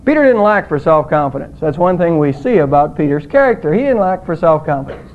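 High-voiced preaching man, tinny audio. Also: very animated, fairly quick, slight background noise. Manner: earnest preaching, emphatic rises on quoted words. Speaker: pastor. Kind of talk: sermon.

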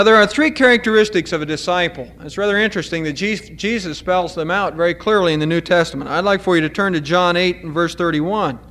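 High-voiced male pastor preaching earnestly. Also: a bit bright. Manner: earnest, explanatory preaching with deliberate emphasis. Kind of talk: sermon.

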